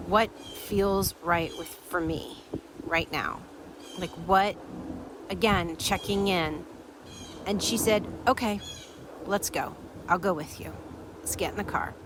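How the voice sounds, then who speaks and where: A woman's voice: mid-range voice, takes it slowly, pauses often, background noise. A woman hosting a podcast, telling a story and acting out what each person said. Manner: animated storytelling, acting out quoted dialogue. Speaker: podcast host. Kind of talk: storytelling to listeners.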